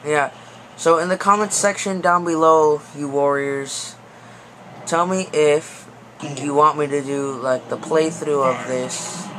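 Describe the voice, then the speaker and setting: Young male gamer, higher voice, slow delivery, panicky outbursts, noisy background. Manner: excitable, panicky pleading and yelling at the game. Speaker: gaming video host. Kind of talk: gameplay commentary.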